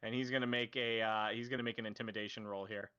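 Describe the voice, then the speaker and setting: Bright-voiced man running a tabletop game. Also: lowish voice, fairly even intonation, fast, clean tone, muffled recording. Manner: rambling, self-correcting, laughs often. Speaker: dungeon master.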